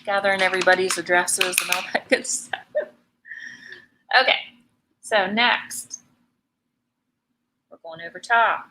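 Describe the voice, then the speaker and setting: A woman's voice: fairly low pitch, measured pace, long pauses, noisy background. A middle-aged woman chatting and teasing her viewers while teaching painting in a live tutorial. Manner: chatty, teasing, laughs often.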